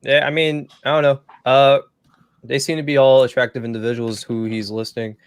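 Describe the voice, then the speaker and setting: A man's voice: medium pitch, little pitch movement, normal speed, clean tone, dry recording. A man co-hosting a casual podcast, hesitant and filler-heavy, saying "like" and "um" often. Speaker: podcast co-host. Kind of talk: casual chat.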